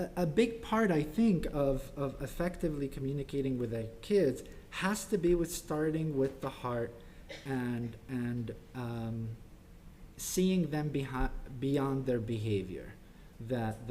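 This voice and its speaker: A man giving an informal parenting talk at a church, halting with many ums and restarts, dropping softly into quoted voices. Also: medium pitch, slight background noise.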